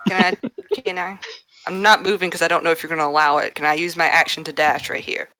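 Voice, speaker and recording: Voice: mid-range voice, fairly even intonation, fast talker, bright, forceful tone. A player in a tabletop game, eagerly asking to act. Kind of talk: tabletop game play over voice chat.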